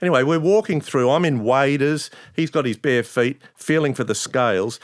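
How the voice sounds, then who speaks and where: A middle-aged Australian man, a news presenter, telling animated stories in a podcast interview. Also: mid-range voice, normal speed, no room sound, clean studio sound. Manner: animated anecdotes, acts out quoted voices.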